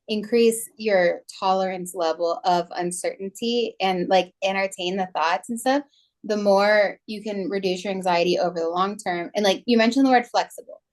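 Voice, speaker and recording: Woman co-host, relaxed talker who leans on "like" and "you know". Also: medium pitch, moderate pace. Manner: chatty, many "like" and "you know" fillers. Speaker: podcast co-host. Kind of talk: casual podcast conversation.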